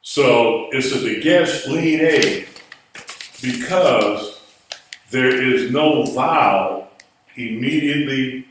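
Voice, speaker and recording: Man teaching slow n patient, sounds far from the mic in a big echoey room. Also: medium pitch, a little hiss or hum. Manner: patient, spells words out slowly. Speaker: Hebrew teacher. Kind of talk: classroom lesson.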